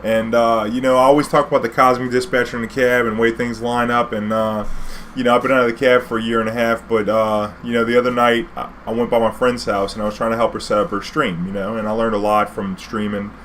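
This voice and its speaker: A man's voice: medium pitch, little pitch movement, quick pace, a bit bright, slight background noise. A man, a former cab driver, telling a rambling story in a casual vlog with plenty of slang and fillers. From New Orleans. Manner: laid-back, rambling, heavy use of fillers and slang.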